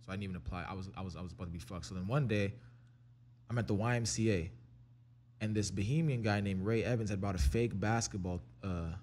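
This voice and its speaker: Fast-talking young man, low voice. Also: a little hiss or hum. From Canada. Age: young adult. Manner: fast, energetic, profane storytelling. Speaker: interview guest, rapper. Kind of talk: casual storytelling.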